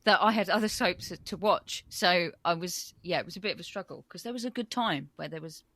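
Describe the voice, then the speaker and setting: A woman's voice: fairly low pitch, fairly quick, pushed and bright. A woman co-hosting a podcast in casual chat, rambling and gushing with many ums. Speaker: podcast co-host.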